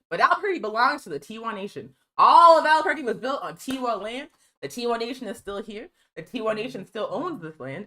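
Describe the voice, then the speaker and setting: A woman hosting a live political news stream, talking fast and emphatically, calling her viewers y'all and reading from a press release. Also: medium pitch, sharp tone, low-quality recording.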